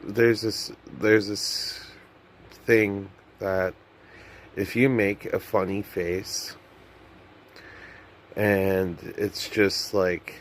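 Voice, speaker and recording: A man's voice: on the low side, flat delivery, extremely slow, long pauses, slight background noise. A young man vlogging to camera in a rambling, self-mocking comedic monologue that often loses its thread.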